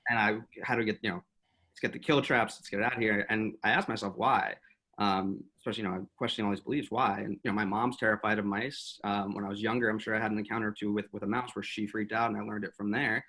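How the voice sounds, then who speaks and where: A man's voice: on the low side, steady tone, sharp tone. A male podcast host, musing casually about his own small fears. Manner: reflective, quick with short agreeing sounds. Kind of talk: casual chat.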